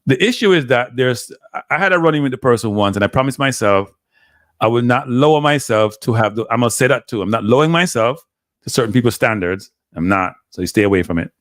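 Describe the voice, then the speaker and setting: A man's voice: mid-range voice, lively intonation, fast talker, fairly bright tone, dry recording, clean studio sound. A man with a Jamaican accent hosting a live stream, talking casually and switching between standard English and patois. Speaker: live show host.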